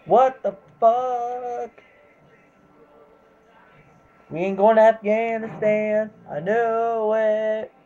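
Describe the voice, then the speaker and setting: A gameplay commentator talking casually over a match, excitable, exclaiming and swearing at the game. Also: medium pitch, extremely slow, pauses often, muffled recording.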